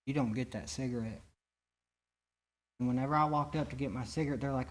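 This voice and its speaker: A man with a medium-pitched voice shares his personal recovery testimony at a church meeting, speaking earnestly but haltingly and restarting often.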